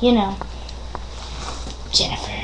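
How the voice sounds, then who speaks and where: A woman's voice: takes it slowly, rough recording. A young woman playing with dolls on a webcam, talking in a bossy, sassy way and sometimes like a mock announcer. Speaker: doll play performer. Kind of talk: playful doll play on webcam. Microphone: built-in webcam mic. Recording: loud hiss on webcam audio.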